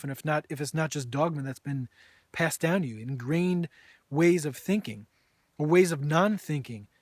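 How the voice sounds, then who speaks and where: A man's voice: a little high, no echo. Earnest preachy man, dry close voice. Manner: earnest, preachy, many restarts. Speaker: vegan video blogger and author. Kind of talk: opinion monologue.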